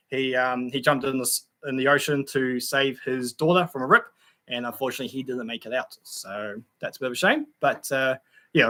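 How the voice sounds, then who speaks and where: A man's voice: medium pitch, pushed and bright. A young man hosting a casual livestream, reading out viewer comments in a chatty, laid-back way with frequent ums and laughs.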